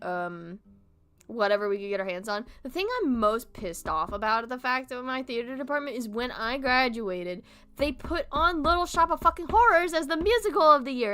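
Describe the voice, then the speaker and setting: Bright-voiced young woman streamer, animated. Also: high voice, clean tone. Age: young adult. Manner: animated, heavy swearing, frequent laughter. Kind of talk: casual chat stream.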